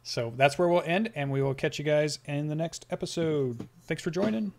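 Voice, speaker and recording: A man's voice: on the high side, normal speed. A man serving as game master, casually wrapping up a streamed tabletop game session with loose, rambling announcements and frequent ums. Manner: casual, loose, with many ums and self-corrections.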